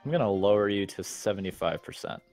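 A man's voice: on the low side, a little fast, a little mellow, faint music behind. A man chatting casually with friends over voice chat while playing an online game, joking and easily exasperated. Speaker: gamer.

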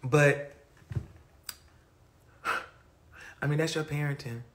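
This young man speaks slowly in a slightly high, steady voice while streaming live from a phone indoors, with a little hiss or hum on the phone mic. He rambles casually, trails off into mutters, and questions himself in a reflective way.

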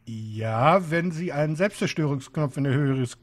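A man giving amused, halting commentary while playing a game. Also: a little high, expressive. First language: German. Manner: amused, halting, many fillers. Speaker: let's player. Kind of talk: casual gameplay commentary.

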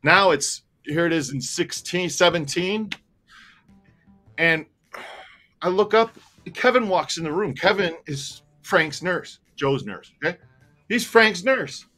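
A tour operator with a bright, forceful voice tells a long story in a casual chat, speaking slowly and with animation. He's candid, rambles, circles back, swears freely, and gets more emotional as he goes, with faint music low behind him.

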